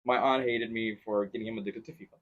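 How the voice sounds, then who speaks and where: A man hosting a podcast in casual chat, mixing English and as he tells animated stories. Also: lowish voice, fast talker. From Mexico-Texas border region. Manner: switches between English and Spanish, animated storytelling. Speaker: podcast host. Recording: lo-fi podcast recording.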